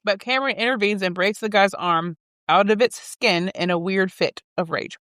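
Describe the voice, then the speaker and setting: A woman hosting a podcast, recapping a book's plot in a deadpan way and often breaking into giggles. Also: medium pitch, normal speed, no room sound, studio quality. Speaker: podcast host summarizing a book. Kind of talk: casual chat.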